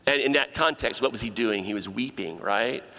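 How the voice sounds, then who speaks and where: A man's voice: medium pitch, normal speed. Preaching man in a reverberant church. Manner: animated preaching, acting out quoted voices. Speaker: pastor. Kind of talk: sermon. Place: church sanctuary. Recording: long reverb of a large hall.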